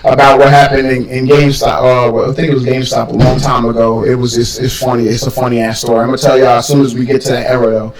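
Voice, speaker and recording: A man co-hosting a podcast in casual chat, telling animated stories and acting out quotes loudly. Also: mid-range voice, fast talker, few pauses, reverberant, crowd noise, low-quality recording. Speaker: podcast co-host.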